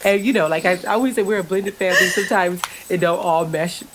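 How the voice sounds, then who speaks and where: A woman co-hosting a podcast, telling a family story in a lively, laughing way. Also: lowish voice, fast talker, background noise. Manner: animated storyteller, laughs often. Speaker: podcast co-host. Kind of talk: casual storytelling chat.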